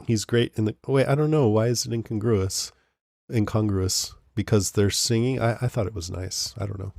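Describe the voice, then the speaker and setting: Low-voiced man hosting a chatty podcast. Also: fairly quick, vocal fry, darkish tone, no echo, studio quality. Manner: chatty, laughs often. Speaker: podcast host. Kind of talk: casual chat, reading listener emails.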